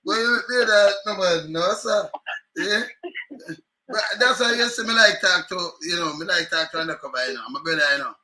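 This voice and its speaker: A man's voice: sits high, moderate pace, bright, forceful tone, low-quality recording. A Jamaican man in casual chat, teasing and prompting his friend's stories.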